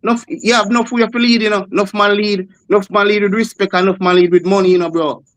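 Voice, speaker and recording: A man's voice: sits high, fairly even intonation, fast talker, no echo. A man with a Jamaican accent arguing on a discussion panel, repeating himself and calling others "brother". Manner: repetitive, insistent, keeps saying "brother". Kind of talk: heated panel debate.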